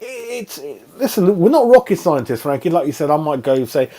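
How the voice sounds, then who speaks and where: A man rants through a post-match fan reaction, stumbling and repeating words as he goes. His voice sits a little high but sounds soft and mellow rather than sharp. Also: expressive, moderate pace. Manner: rambling, repeats himself, exasperated. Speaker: fan channel pundit.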